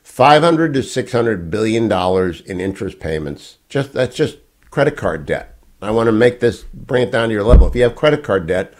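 A man's voice: on the low side, a little mellow. An older man hosting a political talk radio show, lecturing emphatically and repeating his key points. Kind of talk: opinionated political monologue.

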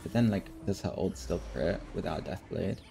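Gravelly low-voiced man streaming gameplay. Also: normal speed, soft background music. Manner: thinking aloud, relaxed, mumbling asides. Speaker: streamer playing a strategy game. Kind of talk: casual gameplay commentary.

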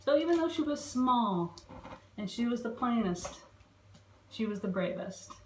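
A woman librarian reading a picture book aloud to young children, expressive and stopping to ask them questions. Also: on the high side, a little slow, a little hiss or hum. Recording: roomy echo.

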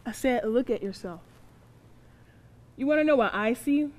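A woman's voice: fairly high pitch, expressive, moderate pace, a little mellow, close to an everyday voice. An actress playing a stern but loving mother who scolds her teenage son in plain, colloquial speech. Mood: stern scolding. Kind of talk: drama acting.

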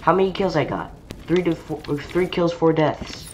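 A woman playing an online shooter game, chatting casually with slow, mumbly, sarcastic banter. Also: low voice, a little hiss or hum. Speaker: gamer streamer. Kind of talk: casual gaming commentary. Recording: keyboard typing and mouse clicks behind.

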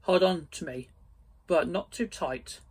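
Storybook spirit: small, brisk, kindly male sprite, voiced by a man in a raised tone. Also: high voice, husky.

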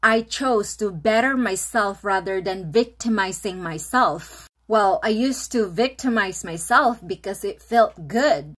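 A woman vlogger with a Filipino first language, speaking English in an earnest, reflective monologue. Her voice sits at a middle pitch. She repeats phrases for emphasis and slips into quoted dialogue as she retells her past. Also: measured pace. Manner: earnest, repetitive, reflective storytelling. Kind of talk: personal monologue to camera.

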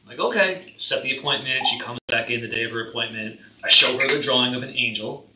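A man's voice: medium pitch, level tone, fast, reverberant, very noisy. A man recalling a client story in a casual podcast chat, exasperated and quoting both sides. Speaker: tattoo artist, podcast guest.

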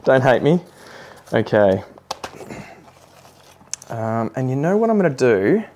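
Against a noisy background, a man speaks slowly yet very animatedly in a mid-range voice. This Australian plant vlogger guides viewers through a repotting job in a laid-back, self-mocking manner with humorous asides.

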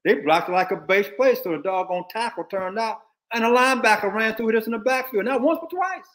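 An older man from Texas talks football as a guest analyst, in a fairly high voice. He is blunt and emphatic and hammers his points home by repeating them, in an easy, casual way. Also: brisk, fairly bright tone. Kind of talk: animated casual football talk.

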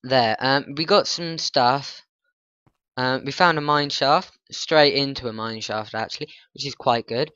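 A man's voice: medium pitch, takes it slowly, bright, forceful tone, clear, resonant tone, dry recording, highs cut off. A man hosting a gaming channel in casual gameplay commentary, jumpy and panicky, talking back at the game's monsters.

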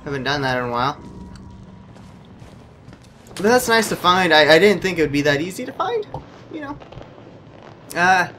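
This fairly high-pitched gameplay commentator is very animated, with a sharp tone, normal speed and long pauses, as he plays a horror game. He cracks jokes, talks chattily to the characters and yelps or shrieks at the scares, all captured in a noisy home recording.

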